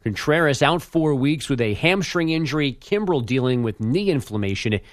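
A man's voice: mid-range voice, animated, normal speed, no room sound. Give me a man reading sports news in a dry studio. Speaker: sports radio host and news reader. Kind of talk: sports talk and news update.

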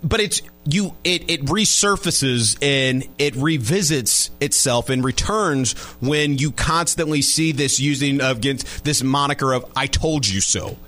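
A man's voice: medium pitch, measured pace, hardly any pauses, fairly bright tone, faint music behind. Rambling male sports radio host. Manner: rambling, repeats and restarts phrases. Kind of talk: casual sports talk radio.

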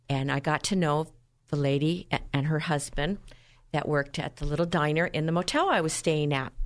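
A woman with a low-pitched voice appears as a guest on a radio show. She tells her personal testimony through lively storytelling, laughing often.

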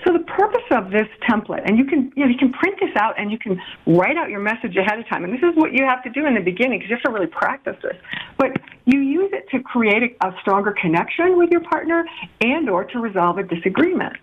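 A woman's voice: a little high, sing-song, quick pace, husky. Middle-aged woman, podcast guest, explanatory, phone-quality audio. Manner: warm, explanatory, laughs while giving examples. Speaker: guest relationship coach. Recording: tinny phone line.

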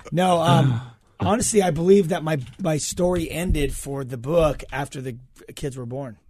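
A man's voice: a little high, normal speed, darkish tone, breathy edge. A man hosting a podcast, upbeat and teasing with his guest. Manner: upbeat, teasing, laughs easily. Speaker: podcast host. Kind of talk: casual podcast interview.

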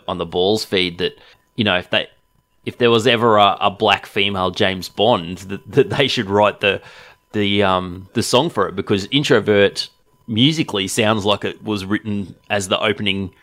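Brief: male podcast co-host, deeper voice, hesitant and halting, casual music chat. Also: fairly bright tone. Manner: hesitant, stammering restarts.

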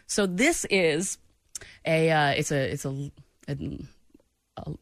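A woman's voice: low-pitched, slow, dry recording, clean studio sound. A woman hosting a morning radio show, bantering playfully and teasing her co-hosts. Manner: playful, teasing, laughs often. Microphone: studio microphone.

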